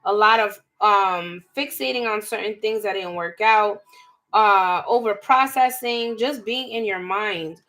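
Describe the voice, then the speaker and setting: A young woman giving a live tarot reading, animated and emphatic, full of slang, talking straight to her viewers. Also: mid-range voice, a little slow. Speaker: tarot reader.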